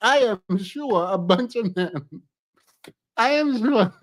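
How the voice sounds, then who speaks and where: A man's voice: high voice, expressive, takes it slowly. A man streaming reaction commentary on reality TV clips, exasperated and ranting, repeating words for emphasis.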